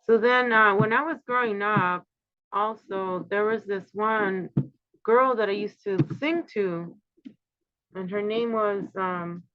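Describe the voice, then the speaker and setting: A woman's voice: medium pitch, slow, no echo. A woman in her fifties talking in a rambling, conspiratorial way, full of filler words, as she hosts her own channel. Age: 50s. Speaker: channel host. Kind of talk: casual monologue. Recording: slightly dull, dry home recording.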